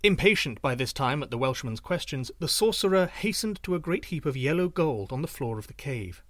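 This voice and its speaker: A man narrating a folk tale in an expressive, dramatic reading. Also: a little high, a little fast, dry recording. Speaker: storyteller. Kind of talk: scripted narration.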